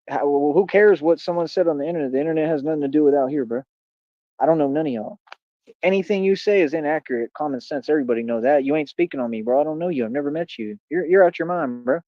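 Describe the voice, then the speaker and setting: A man with a voice on the high side hosts his own live stream, combatively taunting his critics and repeating catchphrases in a casual rant. The home stream audio is dull and dry.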